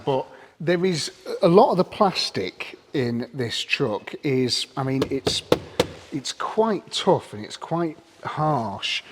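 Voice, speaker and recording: Husky British man, chatty car vlogger. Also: mid-range voice, big-room sound. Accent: British English. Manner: candid, chatty, restarts sentences mid-thought. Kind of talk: casual review vlog.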